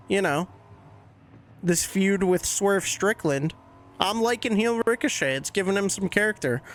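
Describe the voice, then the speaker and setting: High-voiced chatty male podcast host. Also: a bit bright. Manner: chatty, candid fan opinions with casual swearing. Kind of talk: casual wrestling commentary podcast.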